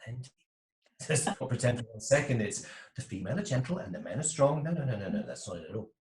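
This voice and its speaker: A man's voice: medium pitch, sing-song, fast talker, far from the mic, noisy background. A man as an interview guest, coaching on relationships, talking animatedly and slipping into little voices for the types he describes over a video call. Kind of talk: explanatory interview talk. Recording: roomy echo.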